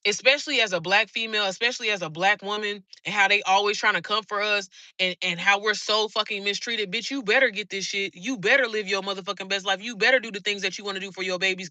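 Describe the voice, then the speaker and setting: A woman's voice: medium pitch, sharp tone, no echo. A woman coach talking to viewers on a live stream, fired up, blunt and full of swearing. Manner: fired-up, blunt and heavily profane. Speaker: online business coach.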